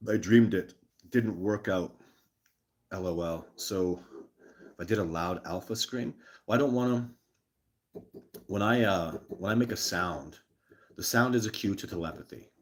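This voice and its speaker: A man with a very low voice hosts a live stream and answers viewers' questions. He talks in an excitable, emphatic way, doubling back on words and restarting sentences. Now and then he punches out a single word loudly. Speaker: host of a live show.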